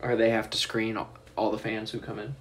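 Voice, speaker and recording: A man's voice: lowish voice, level tone, fairly quick, fairly bright tone. Young guy rambling on his vlog at home, laid back and teasing, a bit of background noise. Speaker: vlogger. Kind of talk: casual vlog chat. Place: student apartment at home.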